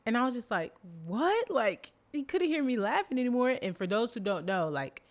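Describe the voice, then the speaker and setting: A young adult woman hosting a podcast, telling a personal story in a casual, animated way, full of fillers and bursts of loud laughter. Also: fairly high pitch, a little fast. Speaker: podcast host.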